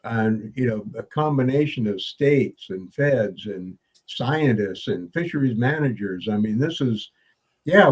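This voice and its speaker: A man as a guest on a podcast, explaining his views in a measured, earnest way. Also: medium pitch, husky. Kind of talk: podcast conversation.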